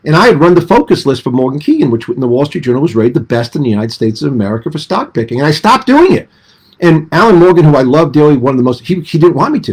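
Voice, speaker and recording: A middle-aged man giving emphatic, rapid-fire opinions as a guest commentator on a radio phone-in. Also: medium pitch, a little mellow, husky.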